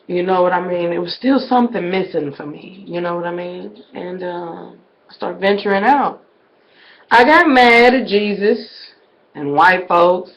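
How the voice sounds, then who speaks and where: A woman talks straight to her viewers in a loose, casual vlog. Her delivery swings widely, sinking to near-whispered asides and then leaping up into loud, shouted exclamations. She keeps calling out to her audience as "y'all". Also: on the low side, gravelly, muffled recording. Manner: conversational, addresses viewers as "y'all". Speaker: vlogger.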